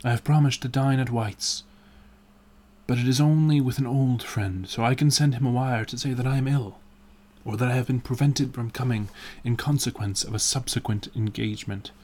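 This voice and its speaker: A man's voice: medium pitch, moderate pace, darkish tone, close to an everyday voice. A man voicing a languid, ironic aristocrat. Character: languid witty aristocratic gentleman. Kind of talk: audiobook character reading.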